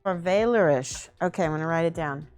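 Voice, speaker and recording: A woman's voice: sits low, fairly quick, a little mellow, faint music behind. A woman chatting casually on a livestream while painting miniatures, giggling often and thinking aloud.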